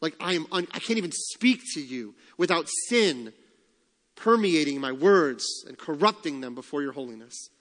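A man's voice: on the high side, expressive, normal speed, fairly bright tone, long reverb tail. A man preaching a sermon in a conversational way, posing rhetorical questions and slipping in humorous asides. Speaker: pastor.

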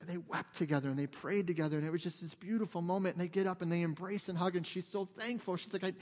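A man preaching a sermon as pastor, telling stories with dramatic swings from loud to hushed. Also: sits high, fairly even intonation, fast talker, big-room sound. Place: church sanctuary.

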